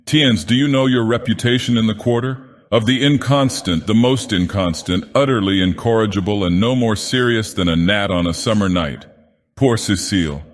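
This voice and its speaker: A man voicing a frank, teasing young Parisian woman, lifting his voice and sounding brisk and mocking. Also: close to an everyday voice. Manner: lifted pitch, brisk and mocking. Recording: long hall reverb.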